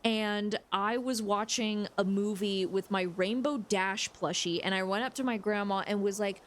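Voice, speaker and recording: A woman's voice: medium pitch, steady tone, normal speed, few pauses. A young woman streamer chatting casually while she plays a game, rambling frankly and swearing freely. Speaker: gaming streamer.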